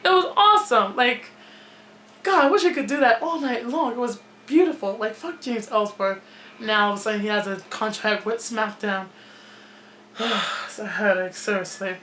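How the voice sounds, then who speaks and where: A woman with a fairly high, bright voice gives her blunt, outspoken take on a wrestling event, casual and unfiltered, swearing freely. She is recorded in a gym, and the room echoes noticeably around her. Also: normal speed, a little hiss or hum. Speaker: wrestling reviewer. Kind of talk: casual opinionated review.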